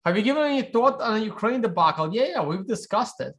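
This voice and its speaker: A man's voice: high-pitched, lively intonation, quick pace, a bit bright. A man from Russia hosting a livestream, answering viewer questions in a wry, offhand way and thinking aloud. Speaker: livestream host.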